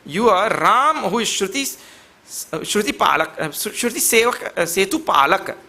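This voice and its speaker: A man's voice: sits high, lively intonation, normal speed, bright, forceful tone. A man giving a devotional scripture lecture, chanting verses and explaining them with a playful, teasing manner toward his class.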